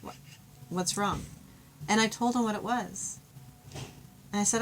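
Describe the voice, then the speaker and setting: A woman giving an intuitive love card reading, talking in a gentle, heartfelt, chatty way and sharing her own story. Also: medium pitch, steady tone, a little slow, long pauses, slight background noise, rough recording. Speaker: tarot card reader.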